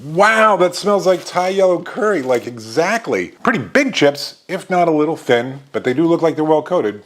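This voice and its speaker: A man's voice: a little high, very animated, moderate pace, fairly bright tone, slight background noise. A man hosting a snack review show, tasting and describing chips in an upbeat, enthusiastic way with frequent fillers. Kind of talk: casual food review.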